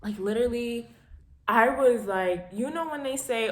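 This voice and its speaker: A young woman in her twenties tells a story for her vlog, talking casually and dramatically. Her voice is animated and playful, and she often breaks into laughter. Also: a little high, measured pace, reverberant. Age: 20s. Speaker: vlogger.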